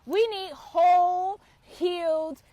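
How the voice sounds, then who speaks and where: High-voiced woman preaching bluntly. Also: steady tone, slow, warm tone, no echo. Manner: blunt and preachy, swears freely. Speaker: spiritual author and channel host. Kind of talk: impassioned spiritual talk to camera.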